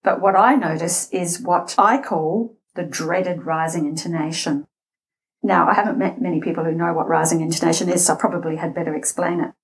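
A middle-aged Australian woman, a voice and interview coach, explaining speech habits in a deliberate way, with a slightly scratchy voice and shifts in pace and loudness for emphasis. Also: on the low side, steady tone. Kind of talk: instructional talk.

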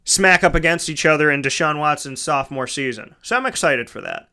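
A man's voice: fairly high pitch, expressive, fairly quick, bright, forceful tone. A man hosting a casual solo sports talk show, chatty and rambling, correcting himself mid-sentence and calling his listeners folks.

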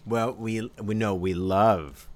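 A man's voice: on the low side, steady tone, slow, darkish tone. A man co-hosting a podcast, chatting casually and joking as he cues the recording. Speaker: podcast co-host. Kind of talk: casual chat.

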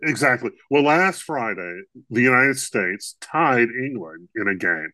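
A man's voice: medium pitch, lively intonation, unhurried, bright, forceful tone, no echo. A man co-hosting a podcast in casual comedic chat, rambling and laughing often. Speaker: podcast co-host.

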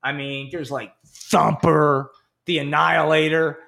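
A man's voice: on the high side, little pitch movement, unhurried, creaky, sharp tone. A man in his fifties, a podcast co-host telling rambling, profane stories in casual chat and acting out quotes in a raised voice. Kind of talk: casual storytelling.

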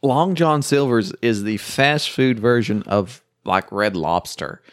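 Casting: male podcast host from the US, mid-pitched, wry and rambling. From United States. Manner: rambling, wry, quick asides. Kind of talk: casual chat.

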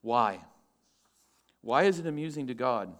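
A male pastor preaches an unhurried sermon, swinging lively between loud, emphatic lines and hushed, low asides.

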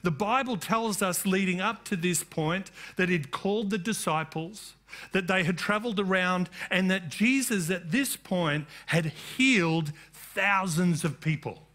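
Bright, high-pitched preaching man. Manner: emphatic preaching with calls of amen and rising declarations. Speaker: pastor. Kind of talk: sermon.

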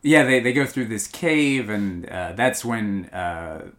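A man's voice: fairly low pitch, animated, takes it slowly, fairly bright tone. Hesitant young man recapping a film. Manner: hesitant, many uhs and restarts. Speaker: podcast co-host. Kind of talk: casual chat recapping a film.

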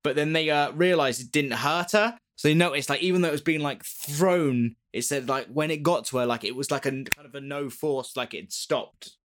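A man casually retelling a ghost story on a podcast, rambling and animated, swearing and laughing often. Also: fairly high pitch, fairly quick, few pauses. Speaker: podcast co-host.

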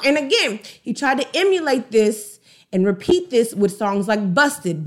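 A woman giving casual, slangy music commentary in an animated way, retelling a song's story. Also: on the high side. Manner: animated, slangy, acts out song dialogue.

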